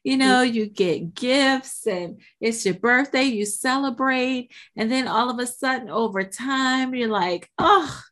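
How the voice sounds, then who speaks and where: A woman hosting a podcast, giving an animated motivational monologue that acts out inner voices and keeps checking in with "right?". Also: on the high side, a little slow, few pauses. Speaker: podcast host.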